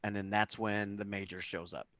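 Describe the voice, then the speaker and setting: A man co-hosting a casual podcast about a film, speaking in a measured, thoughtful way and sometimes quoting characters. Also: on the low side, level tone, bright, forceful tone, no echo, clean studio sound. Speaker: podcast co-host. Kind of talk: casual film discussion over drinks.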